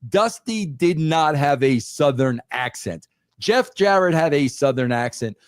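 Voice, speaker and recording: A man's voice: on the high side, expressive, unhurried, no echo. An older man in casual podcast chat, talking emphatically and saying "bro" often with many restarts. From New York. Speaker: podcast guest, former wrestling writer.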